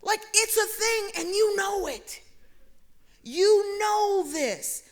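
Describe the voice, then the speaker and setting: A middle-aged woman giving a speech to an audience, telling humorous personal stories in a lively way. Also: very high-pitched, takes it slowly. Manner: humorous, lively, acts out dialogue in anecdotes. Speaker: speaker addressing an audience. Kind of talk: storytelling speech.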